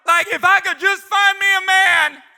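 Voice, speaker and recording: A high, bright woman's voice pleads theatrically with God for a husband, as a male preacher puts her on. She whines and begs in a big reverberant hall. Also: fairly even intonation, normal speed, gravelly, full character voice. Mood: pleading. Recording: reverberant church auditorium.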